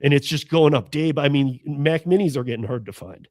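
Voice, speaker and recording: A man's voice: fairly high pitch, fairly quick, no echo, studio quality. A man hosting a podcast, chatting animatedly and jokingly, with frequent restarts. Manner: animated, joking, full of restarts and mock voices. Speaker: host. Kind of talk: casual podcast conversation.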